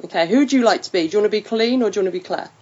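A woman co-hosting a podcast in a relaxed, chatty way, laughing often. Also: mid-range voice, racing, husky. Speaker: podcast co-host. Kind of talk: casual chat. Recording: slightly muffled lo-fi audio.

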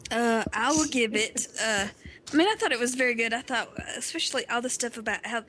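A woman's voice: a little high, fast, bright, forceful tone, a little hiss or hum. A woman in a casual group chat, hesitant and thinking aloud with fillers.

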